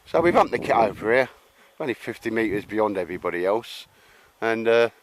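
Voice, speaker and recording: A man's voice: lowish voice, lively intonation, a little fast. An older man chatting casually to camera at an outdoor campsite, rambling and laughing, calling everyone mate. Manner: matey, laughing, rambling with fillers. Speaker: vlogger. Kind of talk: casual chat.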